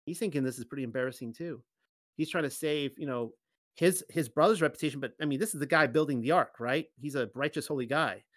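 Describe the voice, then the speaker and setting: A man's voice: medium pitch, fast, no echo. Man reading scripture with chatty asides. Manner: conversational asides between readings. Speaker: Bible teacher. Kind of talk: reading scripture aloud with commentary.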